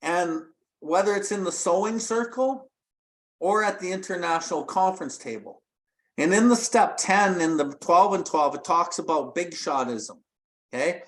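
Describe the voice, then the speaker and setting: A man with a fairly high voice hosts a recovery podcast. He reads passages aloud and talks them through bluntly, with casual swearing. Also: moderate pace, low-quality recording. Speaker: podcast host.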